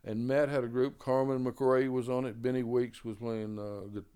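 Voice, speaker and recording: This older man, a jazz player, has a dark, clear, resonant voice and a flat delivery at normal speed. He tells long, casual stories about his early years, peppered with "man" and "you know," raising his pitch to act out the people he quotes.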